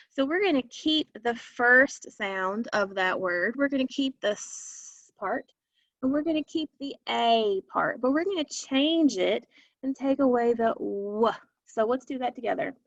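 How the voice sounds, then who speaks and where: A woman teacher walks children through a recorded phonics lesson, speaking very slowly and repeating words for them to echo. Her voice sits a little high with a gravelly edge. The sound is dry and a bit dull, like a home video recording.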